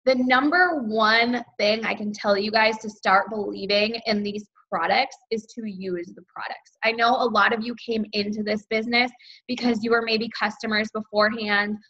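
Bright, upbeat woman leading a team call. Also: medium pitch. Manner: upbeat, chatty, many fillers. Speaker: team leader hosting a sales training call. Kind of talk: motivational team training on a video call. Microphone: video call. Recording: dull lo-fi video call audio.

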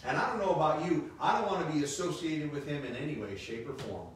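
A fast-talking man in his fifties with a slightly high voice preaches a sermon as pastor, emphatic and repetitive, with the occasional joke tossed in. It's captured in an echoey church sanctuary on a distant mic with faint hiss.

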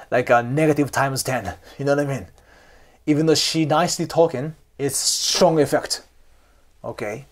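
A man from Japan with a Japanese accent, explaining culture in casual talk, emphatic, often checking "okay?" and acting out examples. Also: medium pitch. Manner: emphatic, repeats "okay?" and "seriously", acts out examples. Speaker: cultural commentator.

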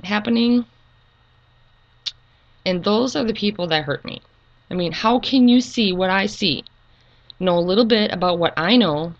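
A middle-aged woman talking earnestly and hesitantly in a personal video monologue, pausing with frequent ums. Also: medium pitch, creaky, dry recording, lo-fi sound. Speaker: YouTube channel creator.

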